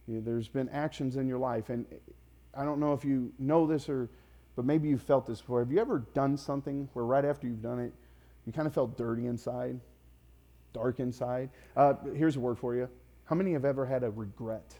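A man in his thirties, a pastor preaching a sermon, speaking directly to his congregation with frequent questions and building to loud, emphatic peaks. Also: medium pitch, steady tone, a little fast.

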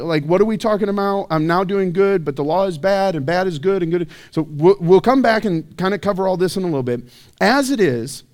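Male pastor, fairly high voice, casual preaching full of rhetorical questions. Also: a little mellow. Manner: conversational, self-deprecating, rhetorical questions. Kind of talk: sermon. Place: church.

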